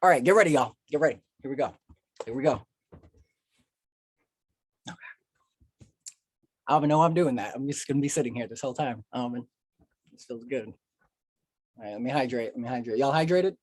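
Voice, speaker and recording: A man's voice: mid-range voice, a little fast, long pauses, breathy edge, dry recording. A man performing spoken word poetry over a video call, playful and chatty with his audience. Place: home setting on a video call.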